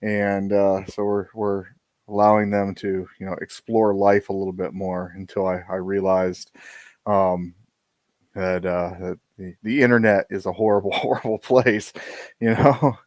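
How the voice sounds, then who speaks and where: A man in his forties co-hosting a live stream, laid-back and halting, laughing often. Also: low voice, flat delivery, a little mellow, dry recording. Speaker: podcast co-host. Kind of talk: casual live-stream chat.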